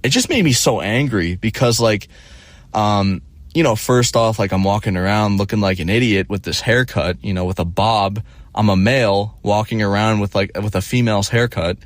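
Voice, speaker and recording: A man's voice: lowish voice, normal speed, dry recording. A man in his twenties telling a story casually, rambling and profane with many restarts. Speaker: streamer.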